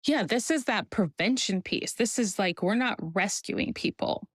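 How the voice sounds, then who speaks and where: A woman who works in maternity care, talking in a podcast interview and telling stories in a measured, deliberate way. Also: medium pitch, lively intonation, no room sound. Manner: measured storyteller, slow deliberate phrasing. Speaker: guest, maternity care provider.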